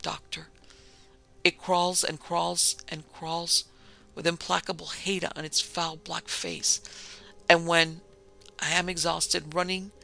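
A man reading aloud, voicing a frightened young woman who pleads in a hushed, half-whispered way. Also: a little high, creaky, heavily acted.

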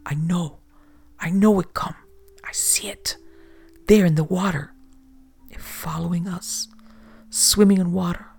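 A man's voice: sits high, fairly even intonation, measured pace, vocal fry, pauses often, darkish tone, husky, full character voice. A man voicing a big, terrified, superstitious sailor who speaks broken English in trembling whispers. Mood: fearful.

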